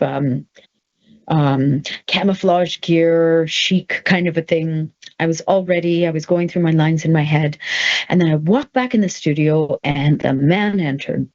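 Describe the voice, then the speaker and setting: A middle-aged woman from Canada recounts a story casually. Her voice sits a little low, but she leaps up high and breathless when quoting her own thoughts. The recording is slightly dull and lo-fi. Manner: animated storyteller, quick swings into high excited voice for quoted thoughts. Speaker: actor and author telling her story. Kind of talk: casual anecdote.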